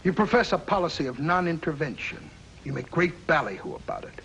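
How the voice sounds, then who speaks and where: An actor playing a scheming, accusatory foreign diplomat in a 1950s TV drama. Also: male voice, on the high side, sing-song, brisk, vocal fry, a bit bright, exaggerated voice, rough recording. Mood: accusing. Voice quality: mocking, accusatory. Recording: old TV soundtrack with faint hiss.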